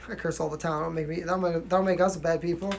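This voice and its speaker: A man's voice: on the high side, little pitch movement, fast talker, creaky, a little hiss or hum. A young man from New York with a mild New York accent, chatting casually on a livestream as a singer answering viewer questions, often asking "you know what I mean" and laughing.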